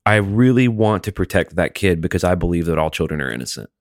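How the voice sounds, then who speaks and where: Reflective, animated low-voiced man. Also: fast, dry recording, clean studio sound. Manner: reflective, heavy use of "like". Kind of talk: casual chat.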